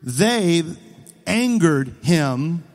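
A male preacher delivers a sermon with playful, animated storytelling and asks his listeners questions. His voice sits high for a man. A long reverb rings around him in the hall. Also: extremely slow.

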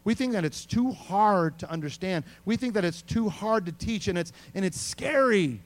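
Animated, high-voiced male pastor preaching. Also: moderate pace. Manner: animated, repeats words, calls on the congregation. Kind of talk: sermon.

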